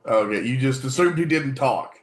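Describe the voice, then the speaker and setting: A man's voice: medium pitch, expressive, normal speed, echoey room. A man co-hosting a wrestling podcast in hesitant, casual chat. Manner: hesitant, many fillers. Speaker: podcast co-host.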